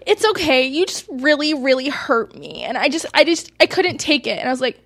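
A woman's voice: sits high, very animated, a little fast, a bit bright. A woman in casual chat, recounting a falling-out through quoted dialogue. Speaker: guest.

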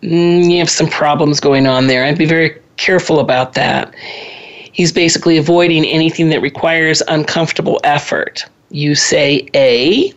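A woman's voice: low voice, steady tone, normal speed, dull audio. Chatty woman in her sixties teaching parenting. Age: 60s. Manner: chatty, drifts into personal anecdotes and laughs at herself. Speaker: parenting talk host. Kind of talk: conversational lecture on parenting.

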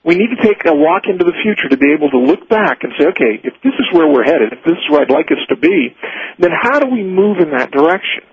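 A middle-aged man with a fairly high, husky, sing-song voice speaks quickly as a guest on a radio show. Earnest, he lays out his leadership ideas point by point, in numbered order. The broadcast sounds muffled and dry.

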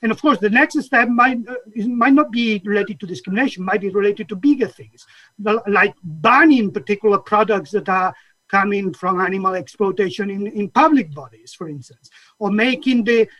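Earnest man with a high voice. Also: normal speed, fairly bright tone, dry recording, highs cut off. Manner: earnest, repeats words as he restarts. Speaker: interview guest, vegan campaigner. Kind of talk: conversational interview.

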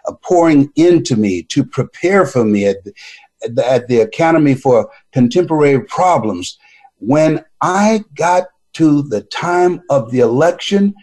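Animated man giving a motivational speech. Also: a little high, measured pace. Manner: animated storytelling, repeats words when excited; preacher-like cadence. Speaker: motivational speaker.

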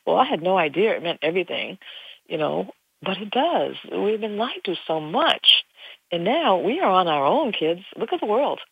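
Older woman, spiritual teacher, husky and earnest, recorded dry and close. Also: lowish voice, sing-song, moderate pace, no room sound. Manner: earnest, folksy, rambling. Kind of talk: casual spiritual monologue. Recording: dull lo-fi recording.

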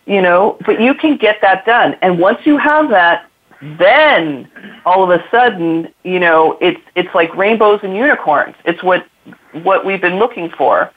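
A woman's voice: on the low side, lively intonation, a little slow. A female co-host in casual radio talk, chatty and asking follow-up questions. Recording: phone-like radio audio.

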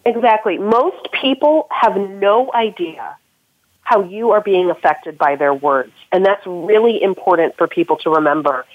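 A woman speaks at a middle pitch in an earnest, advice-giving way, walking through her points step by step. Her voice comes through a narrow, tinny phone line. The sound is dry, with no room around it. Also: measured pace, dry recording. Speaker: guest career coach. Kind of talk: podcast interview answer.

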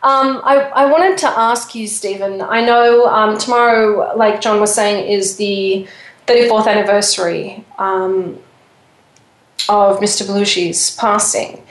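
A woman hosting a radio talk show, chatty and bubbly as she rattles off shout-outs. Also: mid-range voice, roomy sound, rough recording. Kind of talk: casual radio chat.

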